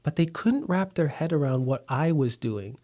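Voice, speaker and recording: A man's voice: a little high, animated, moderate pace, mellow. A man, founder of a food company, talking as a guest in a conversational interview, telling his story steadily with some fillers.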